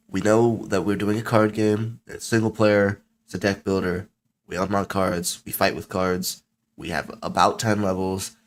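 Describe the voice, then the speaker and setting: A young man streaming late at night, rambling and joking with himself in a tired, low voice that keeps getting sidetracked. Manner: rambling, self-mocking, easily sidetracked. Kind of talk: casual solo stream chat.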